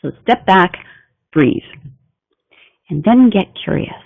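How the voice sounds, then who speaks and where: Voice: mid-range voice, animated, slow pace, gravelly, slightly rough, dry recording. A communication trainer giving a business training talk in an emphatic, coaching delivery. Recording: tinny phone-like dry recording.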